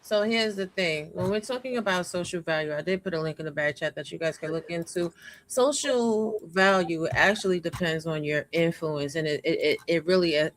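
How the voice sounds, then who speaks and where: A woman's voice: fairly low pitch, normal speed, dry recording, low-quality recording. A woman, a panelist in a heated live-stream debate, lecturing and talking over the others.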